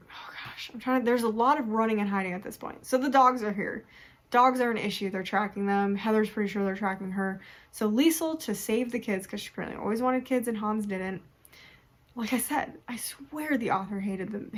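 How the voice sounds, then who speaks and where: A young adult woman with a mid-range voice chats animatedly about a book she's reviewing. She laughs often and acts out her reactions along the way.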